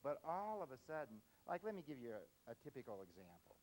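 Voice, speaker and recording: Animated male speaker for a parenting seminar, lively and expressive pitch, acts out scenes. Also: fairly quick, rough recording. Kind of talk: live parenting seminar with acted-out examples.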